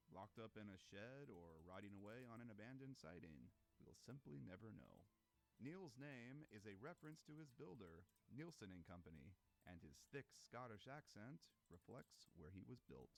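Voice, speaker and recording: A man reading scripted narration in an informative, measured way. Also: on the low side, very animated, vocal fry.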